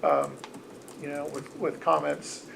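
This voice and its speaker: A gravelly, fairly high-pitched man speaks as mayor at a council meeting. He is measured and halting, often pausing on fillers. Faint noise sits under his voice. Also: sing-song, fairly bright tone, low-quality recording.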